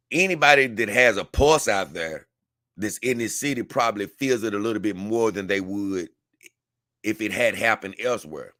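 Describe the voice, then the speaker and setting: In a clean studio recording without echo, a man from Memphis, Tennessee vlogs to camera in a fairly low, slightly bright voice. His earnest storytelling is casual and rambling, full of restarts.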